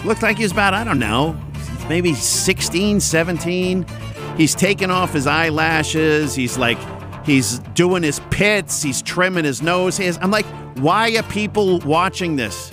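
A man's voice: on the high side, expressive, measured pace, music in the background. A man delivering a rambling, sarcastic comedic monologue as host, drifting between tangents and mocking voices. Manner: sarcastic, rambling, mocks others in put-on voices.

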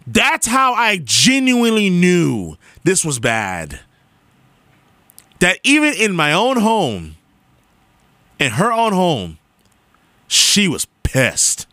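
A man's voice: sits high, slow, long pauses, dry recording. A young man talking straight to listeners in an emphatic, repetitive monologue, like a radio host. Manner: emphatic, repetitive, animated storytelling.

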